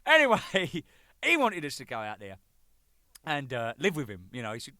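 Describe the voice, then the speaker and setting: A man's voice: mid-range voice, wildly swooping pitch, moderate pace, sharp tone, no room sound, studio quality. A man in his thirties telling cheeky, rambling anecdotes as a band drummer, with lots of swearing. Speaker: band drummer presenting a record. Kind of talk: jokey rambling monologue.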